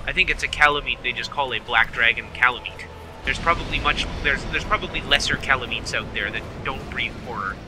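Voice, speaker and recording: A man's voice: mid-range voice, brisk, background noise. A man joking and chatting as a co-commentator on a game playthrough. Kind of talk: gaming commentary banter.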